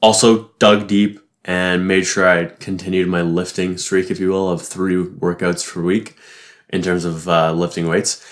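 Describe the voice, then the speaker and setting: A man's voice: sits low, level tone, a little slow. A young man talking casually in a reflective monologue, rambling, swearing often and laughing easily. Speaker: vlogger.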